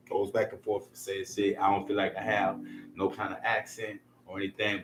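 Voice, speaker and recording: A man's voice: low-pitched, background noise. A man giving a casual tarot reading to camera, talking in a laid-back, slangy, rambling way. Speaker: tarot reader. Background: lo-fi music playlist.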